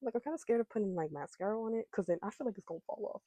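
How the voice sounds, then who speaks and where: A woman's voice: mid-range voice, expressive, rapid-fire, warm tone, no echo. Giggly young woman chatting over makeup. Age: young adult. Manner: playful, giggly, talks to herself. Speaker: podcast host. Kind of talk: casual chat while doing makeup.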